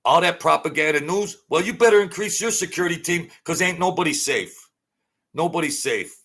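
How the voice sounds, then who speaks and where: A man's voice: on the high side, expressive, a little fast, fairly bright tone, slightly rough. A man delivering a blunt, heated, repetitive ranting monologue as an online commentator.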